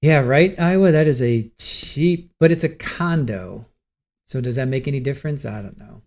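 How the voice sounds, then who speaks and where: A man's voice: medium pitch, normal speed, creaky, darkish tone. A man from Ohio hosting a casual livestream, chatting and reading out viewer comments. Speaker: livestream host. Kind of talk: casual live-stream chat.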